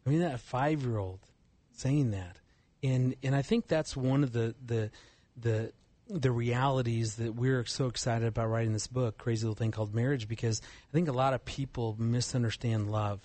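A man's voice: mid-range voice, normal speed, darkish tone, no room sound. A man telling a family story and talking about love on a talk show, often laughing as he speaks. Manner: laughs while telling stories. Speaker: guest author. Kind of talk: casual storytelling chat.

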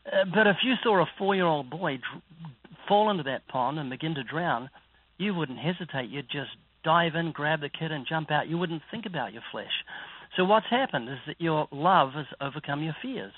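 This evangelist guest, a New Zealander, has a fairly high, expressive voice and speaks at a normal speed with no echo. In an interview about faith he preaches with earnest conviction and vivid storytelling, heard over a dry line that sounds like a phone.

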